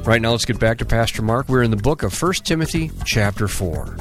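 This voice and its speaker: A male radio announcer reading a scripted program announcement in a smooth, measured way. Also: mid-range voice, animated. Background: music.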